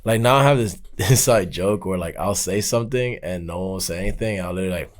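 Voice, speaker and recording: A man's voice: sits low, fast. A man guest on a podcast, telling a long story in casual talk and acting out the dialogue. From Miami. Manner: animated, acts out quoted dialogue.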